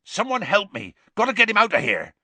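A man reading aloud puts on a big, gruff and kindly giant of a man with a thick, growling voice. His pitch jumps about lively, and the sound is close and dry. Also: slow pace, dry recording, full character voice. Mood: urgent.

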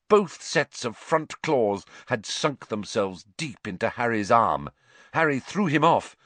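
Guy reading an audiobook, bright crisp voice, takes his time, dry studio. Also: medium pitch, no echo. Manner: measured, expressive storytelling. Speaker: audiobook narrator. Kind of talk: scripted narration.

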